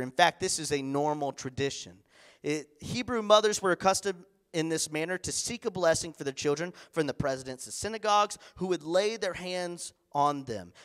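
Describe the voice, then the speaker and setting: A man preaching a sermon as pastor in a church, animated, acting out the voices of others. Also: high-pitched.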